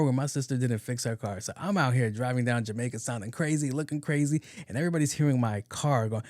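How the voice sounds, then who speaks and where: Casting note: young New man, podcast host, mellow low-toned voice, loose and profane. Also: fast talker, hardly any pauses, no room sound, studio quality. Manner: profane, animated retelling with acted-out quotes. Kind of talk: casual solo storytelling.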